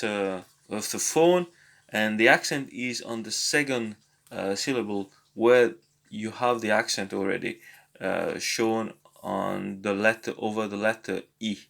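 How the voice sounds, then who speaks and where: A man's voice: on the low side, vocal fry, fairly bright tone. Hesitant man teaching a language lesson. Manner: hesitant, many fillers and restarts. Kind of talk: casual spoken lesson.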